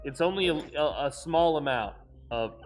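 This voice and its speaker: A man chatting casually while playing a game with a friend, making teasing deadpan jokes. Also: a little high, normal speed, faint music behind. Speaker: co-player, veteran gamer. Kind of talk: casual gaming chat.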